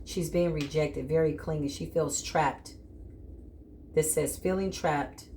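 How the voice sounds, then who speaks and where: A woman's voice: low voice, steady tone, slow, dark tone, a little hiss or hum. A woman giving a spiritual tarot reading, speaking bluntly and emphatically straight to the viewer. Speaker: tarot reader.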